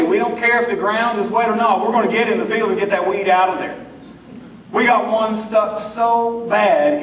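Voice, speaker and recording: A man with a rural Southern US accent gives a humorous speech to an audience in a hall, telling folksy, drawling jokes. His voice is high-pitched and fairly bright, recorded from far off in an echoey room with a little hiss or hum.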